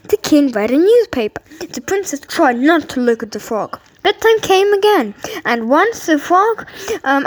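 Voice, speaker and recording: A woman reads a fairy tale aloud in a high, bright-sounding voice. Her pitch swoops up and down expressively. She trips over words and restarts, unrehearsed. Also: poor audio. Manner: unpolished read-aloud with slips and restarts. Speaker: storyteller.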